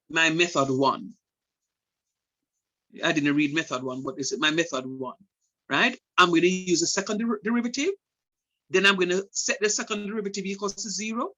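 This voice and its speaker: A man's voice: sits high, sharp tone, rough recording. A man teaching a maths lesson in a conversational way, thinking aloud and correcting himself as he goes. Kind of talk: online lesson.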